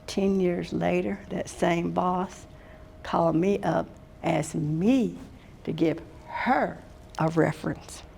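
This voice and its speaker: Gravelly older woman giving workplace advice. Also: on the low side, slow, a little mellow, slight background noise. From Washington, D.C. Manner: folksy, direct, addresses the room as "guys". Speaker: HR consultant and speaker. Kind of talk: workshop talk.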